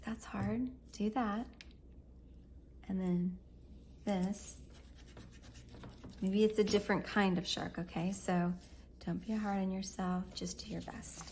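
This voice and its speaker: A woman's voice: mid-range voice, fairly even intonation, takes it slowly, pauses often, dark tone, slight background noise. A woman in her thirties giving a chatty, encouraging step-by-step drawing lesson for kids, thinking aloud as she draws. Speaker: art teacher.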